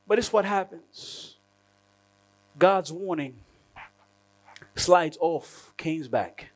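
A man preaching a sermon in an animated way, laughing often and acting out prayers. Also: sits high, very slow, long pauses.

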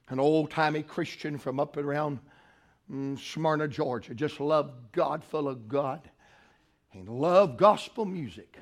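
Older Southern pastor, high-pitched voice, shifts from soft storytelling to shouting. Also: male voice, unhurried. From South Carolina. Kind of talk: sermon.

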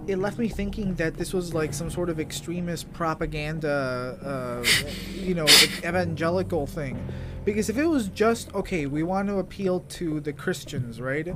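A speaker in a casual podcast chat, opinionated, stumbling over restarts and swearing. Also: medium pitch.

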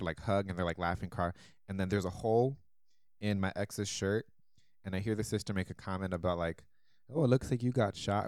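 A man co-hosting a podcast, telling a story with animated energy and laughing often. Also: deep voice, clear, resonant tone, no echo, studio quality. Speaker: podcast co-host. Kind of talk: casual chat.

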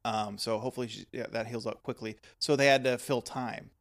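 A man in casual podcast chat, a co-host with an animated storytelling manner. He often lets his sentences fade out quietly at the end. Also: mid-range voice, fairly quick, creaky. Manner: animated storyteller, trails off quietly at phrase ends.

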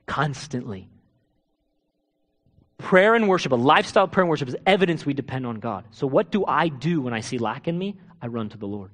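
A male pastor preaching a sermon, asking rhetorical questions and swinging between hushed, intimate moments and loud, urgent ones. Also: mid-range voice, expressive, fairly quick.

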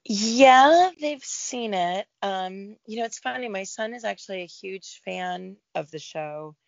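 A middle-aged woman, a guest actor, talking in a relaxed, reflective interview about her career. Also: medium pitch, measured pace, creaky, no room sound, muffled recording. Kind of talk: casual interview chat.

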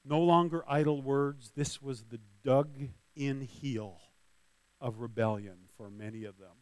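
A man's voice: mid-range voice, steady tone, unhurried, darkish tone, no echo. Conversational male pastor preaching. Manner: conversational, with restarts and small laughs. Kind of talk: sermon.

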